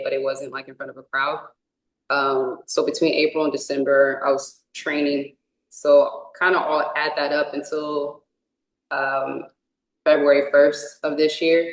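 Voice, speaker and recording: A woman's voice: a bass voice, reverberant, rough recording. A young woman from California, a wrestler, answering interview questions casually and rambling with many fillers and restarts. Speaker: indie wrestler.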